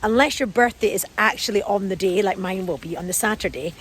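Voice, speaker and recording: A woman in her forties, chatting casually as she walks outdoors with her dog, rambling and calling the dog in a high sing-song. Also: brisk, poor audio. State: out of breath. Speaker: lifestyle vlogger. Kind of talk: casual walk-and-talk vlog. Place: outdoors in a garden and field. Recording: outdoor recording with background noise.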